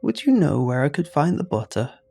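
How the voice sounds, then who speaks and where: A man's voice: a little high, big pitch swings, moderate pace, vocal fry, warm tone, husky, pitched above the performer's own voice, heavily acted. A man doing a polite old lady. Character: elderly woman, polite and courtly.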